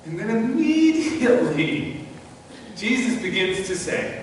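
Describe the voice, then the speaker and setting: High, lively male pastor in echoey church. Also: normal speed, a little hiss or hum. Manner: conversational, animated storytelling with rhetorical questions. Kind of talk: sermon. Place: church sanctuary. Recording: echoey hall, voice from far off.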